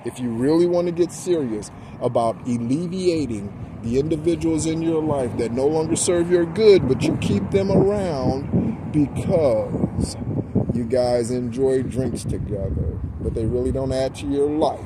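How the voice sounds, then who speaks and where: A man's voice: medium pitch, measured pace. A man giving a rambling, preachy spiritual pep talk outdoors, correcting himself as he goes. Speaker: spiritual guidance host. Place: outdoors near traffic. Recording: loud outdoor traffic noise. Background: street and car noise.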